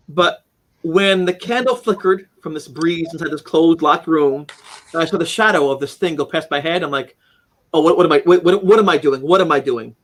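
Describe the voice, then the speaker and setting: A man telling a personal story as an interview guest, acting out quoted lines with sudden jumps in voice and frequent restarts. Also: fairly high pitch. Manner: animated storyteller, acts out quotes, many restarts.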